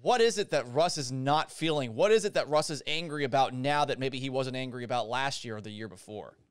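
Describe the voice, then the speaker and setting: A man hosting a sports podcast, asking his guest measured, probing questions. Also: medium pitch, clean tone, dry recording, clean studio sound. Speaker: podcast host. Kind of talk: casual podcast interview.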